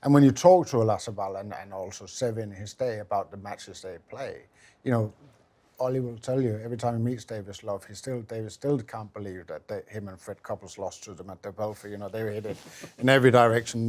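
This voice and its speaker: Danish man in his fifties, thoughtful and halting in English chat, low pitch. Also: steady tone, darkish tone. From Denmark. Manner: reflective, hesitant restarts. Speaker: former Ryder Cup captain. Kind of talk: casual dinner chat.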